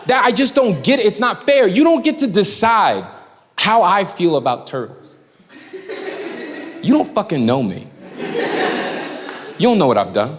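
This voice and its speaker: A man performing a stand-up comedy set, telling stories with lively shouting and acting out characters. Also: sits high, a little slow, long pauses. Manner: animated storytelling, shouting punchlines, acting out characters. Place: large hall before a live audience. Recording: live hall reverb, loud crowd. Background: crowd laughing.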